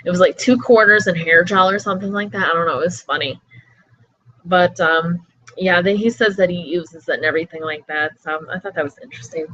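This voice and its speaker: A woman's voice: fairly low pitch, a little fast, sharp tone. Rambling woman recapping an interview. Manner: rambling, with many fillers like "everything like that". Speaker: wrestling show host. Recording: slightly dull lo-fi audio.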